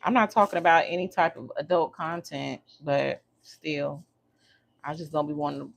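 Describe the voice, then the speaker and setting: A woman's voice: sits low, steady tone, normal speed, creaky. A woman hosting a casual livestream, chatting and teasing her viewers while she works on her hair. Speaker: livestream host.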